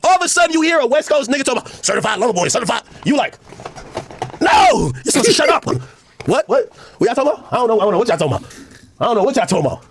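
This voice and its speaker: A man loudly ranting on a clip, mocking and profane, often shouting and laughing. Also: very high-pitched, very animated, rapid-fire, slightly rough. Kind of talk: heated reaction rant.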